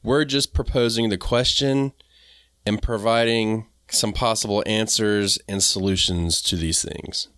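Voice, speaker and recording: A man's voice: fairly low pitch, fairly even intonation, unhurried, fairly bright tone, no room sound, studio quality. A man co-hosting a gardening podcast, joking around while steering the conversation in loose phrasing. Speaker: podcast co-host. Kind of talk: casual gardening chat.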